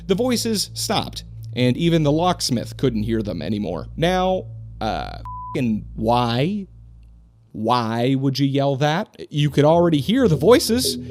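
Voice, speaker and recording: Male true crime narrator, swearing, indignant, animated pitch, faint music underneath. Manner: indignant, profane, sarcastic asides. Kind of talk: casual storytelling narration.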